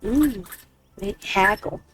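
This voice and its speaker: A woman's voice: medium pitch, slow, fairly bright tone, slightly rough, soft background music, rough recording. A woman giving casual commentary while playing a video game, exclaiming often and reading on-screen text aloud. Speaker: gamer.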